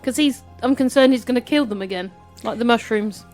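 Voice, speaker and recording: A woman's voice: on the high side, fairly quick, darkish tone, faint music behind. Woman chatting at a game table. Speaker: player. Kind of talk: tabletop role-play chat.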